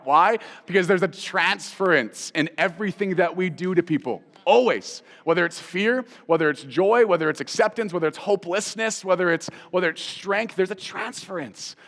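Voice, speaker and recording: A man who hosts a Christian teaching show and teaches the Bible talks in an animated, conversational style, repeating phrases for emphasis and asking the listener direct questions. His voice is high-pitched, he keeps a moderate pace with few pauses, and the sound is that of a big room.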